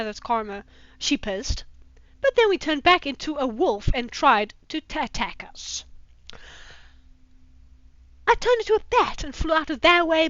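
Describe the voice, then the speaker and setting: A woman's voice: sits high, a bit bright, no room sound, muffled recording. A woman doing a comedic dramatic reading of fanfiction, breaking off for sarcastic, swearing asides and putting on mock-dramatic voices. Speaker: streamer reading fanfiction aloud.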